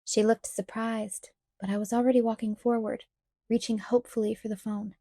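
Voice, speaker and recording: A woman narrating a novel aloud in a measured, even storytelling manner. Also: on the high side, no echo, studio quality. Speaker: audiobook reader. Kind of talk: scripted narration.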